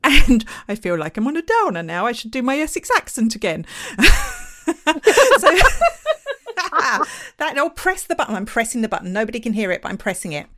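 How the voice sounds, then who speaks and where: A woman's voice: a little high, sing-song, fairly quick, long pauses, fairly bright tone, slight background noise. A woman co-hosting a podcast in casual chat, chatty and self-mocking. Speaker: podcast co-host.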